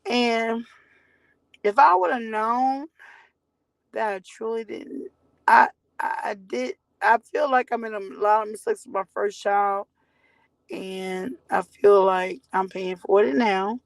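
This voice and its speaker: A woman's voice: mid-range voice, slow pace, vocal fry, pauses often, dry recording, low-quality recording. A woman in her forties, a mother talking candidly to her viewers in a blunt, rambling way and swearing freely. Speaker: mother telling her story. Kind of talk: candid direct-to-camera talk.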